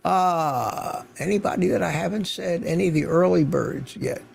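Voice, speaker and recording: Older guy rambling on his livestream, raspy and a bit creaky, greeting folks one by one. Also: high voice, moderate pace. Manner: rambling, chatty, greets viewers by name. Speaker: livestream host. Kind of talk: casual livestream chat. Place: home studio.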